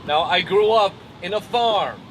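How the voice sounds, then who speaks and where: An older man from Ireland with an Irish accent, telling a personal story in a measured, wry, deliberate way. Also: sits high, fairly bright tone, a little hiss or hum, low-quality recording.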